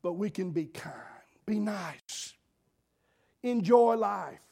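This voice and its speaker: High-voiced preacher telling homespun stories. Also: male voice, slow, creaky, warm tone. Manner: homespun, repetitive, earnest. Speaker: pastor. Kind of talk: folksy sermon storytelling.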